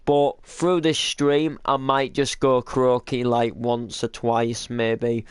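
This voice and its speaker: A man livestreaming in a casual, rambling way, his voice a little croaky from a sore throat. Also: medium pitch, little pitch movement, slow pace, dry recording, clean studio sound. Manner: rambling, lots of fillers and repeats. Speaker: streamer and YouTuber.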